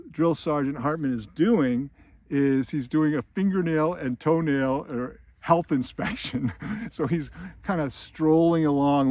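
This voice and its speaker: A man's voice: mid-range voice, darkish tone, no room sound. A man hosting film commentary, retelling scenes casually, rambling with chuckles and fillers.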